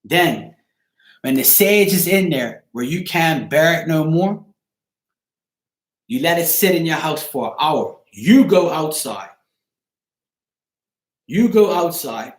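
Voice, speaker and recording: A man's voice: a little high, expressive, measured pace, long pauses. A man hosting a casual live chat, giving a viewer advice in an emphatic, repetitive way, swearing freely and checking in with "right?" again and again. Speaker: host of a live chat show. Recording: echoey room.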